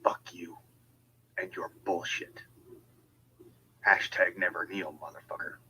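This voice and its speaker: Deep-voiced, furious, swearing man. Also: level tone, takes it slowly, sharp tone, a little hiss or hum, poor audio. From United States. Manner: heated, profane and confrontational. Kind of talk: angry monologue.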